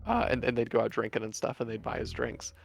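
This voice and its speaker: A man's voice: mid-range voice, expressive, quick pace, creaky, faint music behind. A man streaming, chatting casually and telling a long story with lots of fillers and swearing. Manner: laid-back storyteller, many fillers and swearing. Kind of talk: casual chat.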